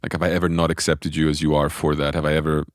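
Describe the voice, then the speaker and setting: A man telling a personal spiritual story in a relaxed podcast conversation, animated and often restarting his sentences. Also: very deep voice, racing, no room sound, clean studio sound.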